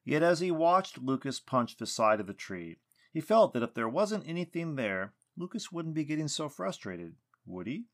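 A man narrating a story in an expressive reading style. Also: on the high side, normal speed.

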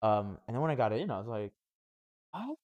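A man's voice: fairly low pitch, quick pace, phone-quality sound. A young man co-hosting a podcast, chatting casually with his best friend and joking around in put-on voices. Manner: joking, slips into silly accents. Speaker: podcast co-host. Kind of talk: casual chat.

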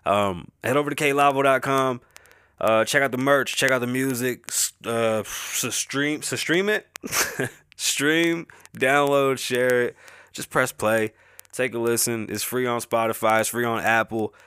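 A man with a Bronx New York accent hosts his podcast in a loose, rambling way, wandering off topic, cursing and laughing. His mid-pitched voice sits close on the microphone in a dry, dead-sounding room. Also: fairly even intonation, moderate pace, a bit bright, clean tone, no echo. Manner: rambling, easily sidetracked, swears and laughs often. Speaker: podcast host. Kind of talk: casual podcast chat. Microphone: close-up podcast mic.

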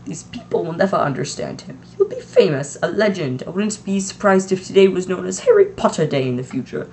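A stern old witch professor, sharp and fussy, pitched a little higher and louder than the reader's own talk, as a teen reader puts her on. the recording carries a faint hiss, like a home reading. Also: big pitch swings, a little fast. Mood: indignant. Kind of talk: amateur audiobook reading.

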